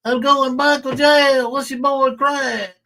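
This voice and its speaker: Man doing a boastful jailbird, high voice, slow drawn-out chant, mocking. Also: little pitch movement, gravelly, sharp tone, exaggerated voice.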